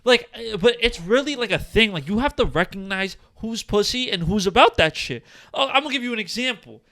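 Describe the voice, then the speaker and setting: A man's voice: high voice, expressive, fairly quick, pushed and bright. A man in his twenties co-hosting a casual podcast, telling stories with lots of fillers and swearing. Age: 20s. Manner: rambling, profane, filler-heavy storytelling. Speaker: podcast co-host. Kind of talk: casual chat.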